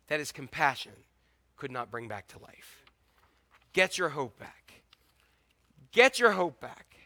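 A man preaching a sermon as pastor, swinging between loud urgent exhortation and hushed, intimate lines. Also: sits high, no echo. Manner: repetitive emphatic exhortation.

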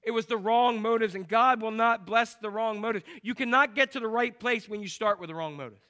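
A man preaching a sermon as pastor, animated, acting out the people in his stories. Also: sits high, fairly quick. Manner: animated storytelling, acts out quotes.

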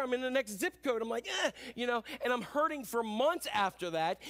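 A man in his fifties preaches in a notably high voice, telling stories at his own expense. His delivery is loose and folksy, full of fillers and asides. The talk is a sermon to a congregation. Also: a bit bright. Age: 50s. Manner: self-deprecating, folksy storytelling with many fillers. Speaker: pastor.

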